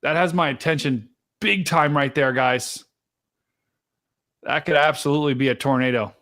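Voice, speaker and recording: A man hosting a live storm-tracking stream, chatting casually to his viewers and explaining radar, excitable and talkative. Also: on the high side, moderate pace. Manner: excitable, chatty, talks to chat directly. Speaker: livestream weather host.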